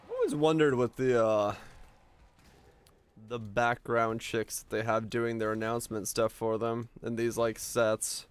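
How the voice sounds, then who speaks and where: A man's voice: mid-range voice, fairly even intonation, measured pace, clean tone. A man streaming a game and chatting casually with his viewers, musing and rambling as he answers their comments. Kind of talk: casual stream chat while gaming.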